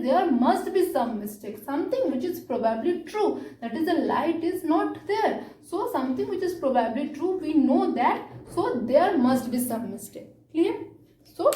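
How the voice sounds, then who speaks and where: A woman teaching an English grammar lesson, explaining slowly with frequent fillers and check-ins like "okay?". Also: high voice, big pitch swings, mellow, echoey room, rough recording.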